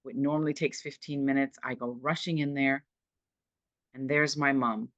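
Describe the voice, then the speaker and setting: A woman's voice: extremely low pitch, fairly even intonation, normal speed, dry recording, highs cut off. Dry-sounding woman in her sixties, telling it vividly. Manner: vivid, dramatic retelling with short punchy sentences. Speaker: guest, dementia caregiver. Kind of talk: personal storytelling.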